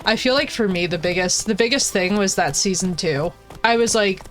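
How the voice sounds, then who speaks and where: A woman game streamer ranting casually to her chat in an animated, profane, emphatic way. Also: mid-range voice, normal speed, soft background music. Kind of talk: casual livestream rant to chat.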